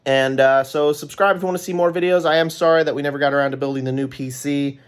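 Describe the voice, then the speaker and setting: A man's voice: a little high, fairly even intonation, fast, smooth. A man with a Californian American accent in casual vlog chat. He rambles and chats, with frequent ums and corrections of himself. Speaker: vlogger.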